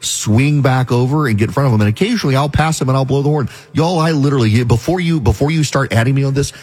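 A man's voice: mid-range voice, fast, darkish tone, husky. A man hosting a talk radio show, delivering an opinionated, emphatic monologue.

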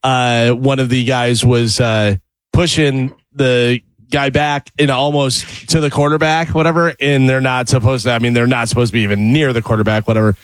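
A man's voice: mid-range voice, steady tone, normal speed, dry recording. A man co-hosting casual talk-show banter, a wisecracking storyteller, in a studio. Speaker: co-host.

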